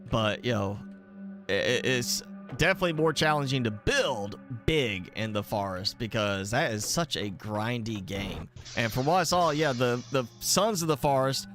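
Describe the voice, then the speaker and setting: Soft music plays in the background as this gaming streamer, who has a mild Southern American accent, thinks aloud through casual live gameplay commentary full of fillers. His mid-range voice is animated and fairly bright, at a moderate pace.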